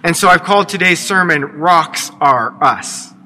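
A man's voice: on the high side, animated, measured pace, sharp tone. A man pastor preaching a sermon, telling the story expressively and voicing quotes with playful asides. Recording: long hall reverb.

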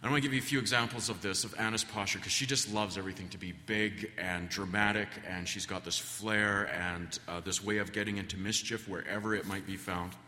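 With a low voice, fairly even intonation, and few pauses, the guest preacher moves a little fast through his folksy sermon stories, stumbling into ums and restarts. The sound is pushed and bright, washed in long church reverb.

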